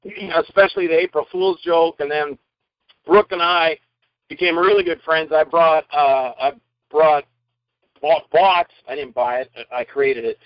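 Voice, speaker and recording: Guy telling stories in an interview, voice on the high side, acts out the quotes, kinda muffled lo-fi sound. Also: unhurried, no echo. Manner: animated, acts out quoted lines in varied voices. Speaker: actor and interview guest. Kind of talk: anecdotal storytelling in an interview.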